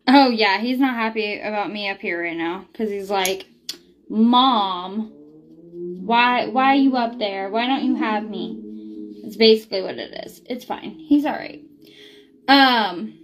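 A woman's voice: a little high, lo-fi sound. A young woman talking casually in a vlog, rambling with lots of ums and likes. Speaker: beauty product reviewer.

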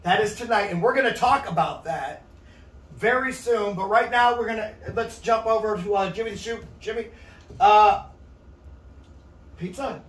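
Loud excitable male wrestling show host. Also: high-pitched, moderate pace, pauses often. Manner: excitable, loud hype delivery. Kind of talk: casual wrestling show chat. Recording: echoey room from far off with faint noise.

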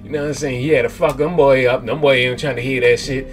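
A young man hosting a gaming channel who recaps the story in rambling, excitable, profanity-laced slang. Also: mid-range voice, quick pace. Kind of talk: let's-play commentary. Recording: game music in background.

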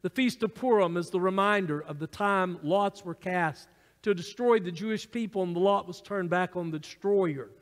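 A man's voice: sits high, moderate pace, in a large hall. A man preaching a sermon as pastor to his congregation, teaching from his notes with a few fillers and side remarks. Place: church sanctuary.

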